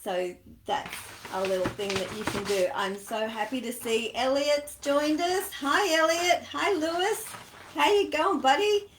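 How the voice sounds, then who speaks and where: A woman's voice: high voice, measured pace, reverberant, slight background noise. A woman hosting a children's storytime, encouraging and sing-song as she asks the children to join in. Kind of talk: talking to young children online.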